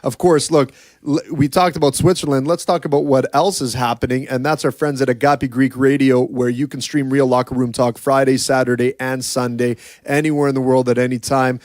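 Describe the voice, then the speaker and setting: A man's voice: medium pitch, steady tone, brisk, a little mellow, no echo, studio quality. A man hosting a sports podcast, playful and hyping in casual banter, doing the sponsor plugs. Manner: playful, hyping, laughs often. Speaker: podcast host.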